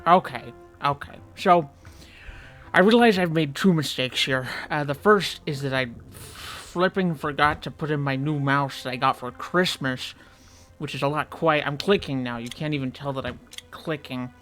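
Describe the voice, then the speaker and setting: A man's voice: on the high side, normal speed, fairly bright tone. A man with a slightly raised voice talks through a game playthrough at his computer desk, and he keeps ranting in frustration and muttering to himself. Faint music plays under his voice. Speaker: gaming channel host. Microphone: desk microphone.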